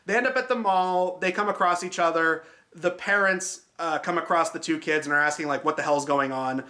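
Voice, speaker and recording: A man hosting a film review show talks casually, mocking and sarcastic, and swears freely. His voice is a little high, bright and forceful, and he speaks briskly.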